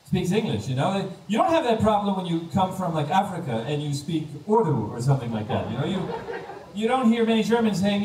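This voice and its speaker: High-voiced American man doing stand-up. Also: brisk, slight background noise. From United States. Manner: animated storytelling, acting out quoted voices. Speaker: stand-up comedian. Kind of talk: stand-up comedy set. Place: comedy stage before a laughing audience. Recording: roomy live stage sound, distant, faint ambience.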